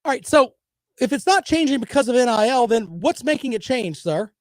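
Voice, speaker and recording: A man's voice: extremely high pitch, expressive, a little fast, no echo, clean studio sound. A man hosting a sports talk show, delivering opinionated, sarcastic commentary in a combative, rambling way.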